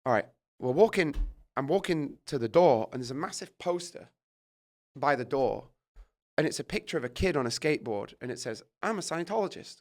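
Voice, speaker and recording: A middle-aged British man telling a story in casual chat, animated and swearing, acting out his own reactions. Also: on the high side, brisk. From Britain. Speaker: guest.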